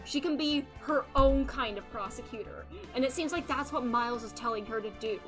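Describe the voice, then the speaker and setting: Brief: young woman game streamer, high-pitched and chatty, music under. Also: brisk, hardly any pauses. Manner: chatty, thinking aloud, emotional asides. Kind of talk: casual gameplay commentary.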